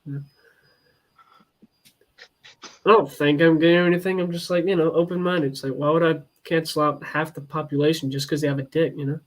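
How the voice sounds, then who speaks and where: Laid-back man, slightly high voice, rambling casual chat. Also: level tone, fairly quick, pauses often.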